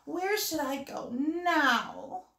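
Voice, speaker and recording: A woman voicing a small, gentle young male owl who asks politely and speaks slowly and wistfully. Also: high voice, full character voice. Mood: sad, sighing. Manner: polite, wistful, drawn-out words. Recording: roomy echo.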